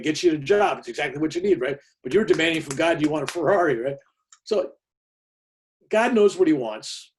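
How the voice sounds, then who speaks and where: A man's voice: mid-range voice, a little mellow. An older man, a reverend, telling a story in casual talk over a video call, his voice rising and dropping with the tale.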